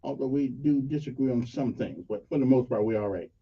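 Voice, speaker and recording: A man's voice: mid-range voice, a little fast, husky, distant mic. A man, hosting a morning call-in radio talk show in a folksy, rambling, emphatic way. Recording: dull lo-fi radio sound, a bit off-mic.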